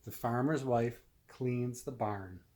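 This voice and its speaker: Slow easygoing guy reading a kids book out loud, stops to quiz the kid. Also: mid-range voice. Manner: pauses to ask the listener questions. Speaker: reader to a child. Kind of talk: reading a picture book aloud.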